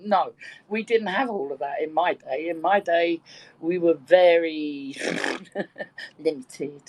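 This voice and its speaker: A woman's voice: low voice, slow pace, pauses often, a little mellow, dry recording, rough recording. A woman in her sixties from Birkenhead with a London accent, telling bawdy stories and laughing often in a casual group chat. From Birkenhead, England. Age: 60s. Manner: bawdy, chatty storyteller who laughs often.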